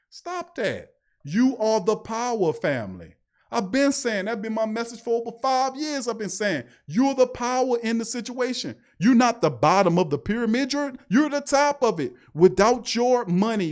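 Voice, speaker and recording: New guy hosting a sports stream, high voice, ranting and preaching, repeats himself a lot. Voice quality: animated, preachy ranting with repetitions. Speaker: sports talk show host. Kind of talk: live-stream sports commentary and chat reading.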